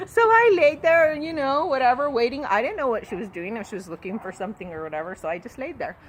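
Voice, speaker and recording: A woman's voice: high-pitched, animated, fast talker, slight background noise. A woman hosting a casual chat about parenting, telling stories bluntly, with frequent laughter and salty language. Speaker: host, mother.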